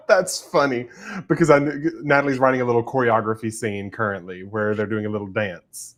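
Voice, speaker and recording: A man's voice: medium pitch, a little fast. A man hosting a casual writing livestream, chatty and giggling often. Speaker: livestream host and writer.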